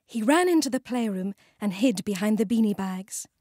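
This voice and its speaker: A British woman narrating a children's storybook, warm and clearly enunciated. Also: medium pitch, expressive, no echo, clean studio sound. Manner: warm, slow, clearly enunciated, sing-song. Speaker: audiobook narrator.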